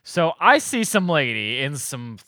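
Chill young dude on a podcast, wry comments, voice bounces around, dry mic. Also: male voice, on the high side, sing-song, unhurried, pushed and bright, no echo. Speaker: podcast co-host. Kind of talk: casual chat.

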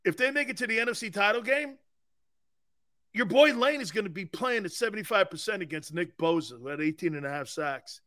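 A man hosting a sports talk show in a high, bright, punchy voice. He talks brash and emphatic, tosses in "man" and "dude", and laughs at his own points. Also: animated, a little fast. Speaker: sports radio host. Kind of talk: sports talk radio, reacting to callers.

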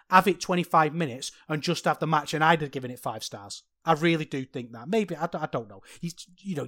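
Podcast co-host, mid-pitched voice, passionate opinionated delivery. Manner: impassioned ranting, then sheepish and soft. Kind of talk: casual podcast review chat.

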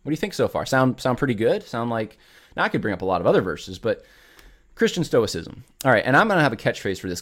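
A man's voice: mid-range voice, sing-song, fast talker, a bit bright. A man hosting his own show, talking straight to his listeners in a casual, rambling way with many restarts and fillers. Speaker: show host. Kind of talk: casual commentary monologue.

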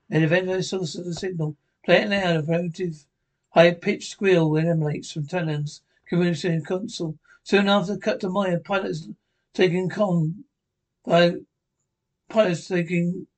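A man narrating a podcast retelling of a TV episode, reading haltingly and often restarting phrases. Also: high voice, rough recording.

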